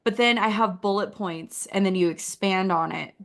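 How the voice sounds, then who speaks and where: A woman's voice: mid-range voice, normal speed, fairly bright tone. A woman giving friendly, chatty feedback on a photographer's website in a casual online critique session, with many "like"s. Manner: chatty, encouraging, uses "like" a lot. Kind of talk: casual screen-share critique.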